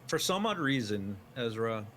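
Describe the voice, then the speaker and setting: A man running a tabletop game, narrating the scene in a loose, descriptive way with plenty of fillers. His voice sits at a middle pitch, with faint background hiss. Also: big pitch swings, moderate pace, fairly bright tone. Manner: descriptive second-person narration with many fillers. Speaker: game master.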